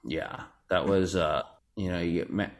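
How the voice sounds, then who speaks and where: A man with a very low, deep voice talks loosely as a guest on a podcast. He rambles, restarts and pokes fun at himself while recalling his voice work. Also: a little slow. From Nebraska. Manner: rambling, self-deprecating, fillers and restarts. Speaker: voice actor guest. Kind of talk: casual podcast chat.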